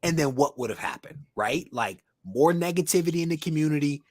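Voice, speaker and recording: A man's voice: fairly high pitch, lively intonation, a little fast, darkish tone, no room sound, studio quality. A man hosting a live stream, encouraging his guest and summing up his points. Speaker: host. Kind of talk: live-stream talk show.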